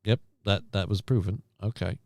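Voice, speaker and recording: A man's voice: lowish voice, fairly even intonation, moderate pace, gravelly, dry recording, clean studio sound. A man hosting a live stream, riffing sarcastically and rambling through news stories in casual commentary.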